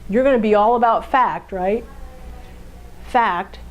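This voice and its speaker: Animated woman giving relationship advice. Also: medium pitch, slow, rough recording. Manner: animated, acts out quoted partners in a raised voice; explanatory, asks listeners rhetorical checks.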